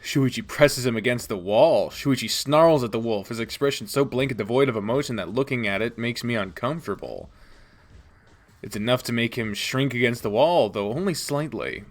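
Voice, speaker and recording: Young guy narrating a visual novel lets play, reacts loud and swears a lot. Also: mid-range voice, normal speed. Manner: animated, swearing, laughs at names. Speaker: let's play host.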